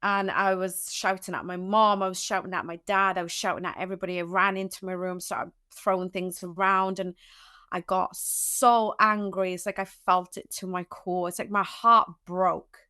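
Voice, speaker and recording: A woman's voice: lowish voice, little pitch movement, normal speed, pushed and bright, clean tone. A young adult woman, a podcast guest, tells a personal story in an emotional way, teary at times, with many restarts and fillers.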